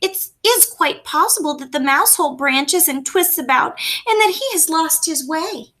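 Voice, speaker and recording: A woman reading aloud, voicing an anxious, tearful mother in high, fretful cries. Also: animated, moderate pace, pushed and bright. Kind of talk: storybook read-aloud.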